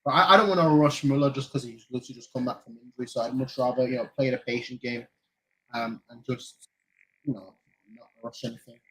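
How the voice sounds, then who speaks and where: A man's voice: mid-range voice, fairly even intonation, fast, fairly bright tone, poor audio. A man from Germany hosting a fan channel, chatting casually during a live match watchalong, rambling and repeating himself with lots of "like". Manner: rambling, repeats phrases, frequent "like". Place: lives in Manchester.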